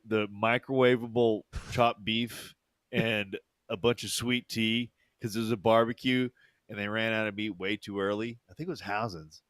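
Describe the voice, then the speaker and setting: A man's voice: fairly low pitch, a bit bright, smooth, dry recording. A man co-hosting a podcast, telling rambling stories in casual chat, full of fillers and laughter. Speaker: podcast co-host.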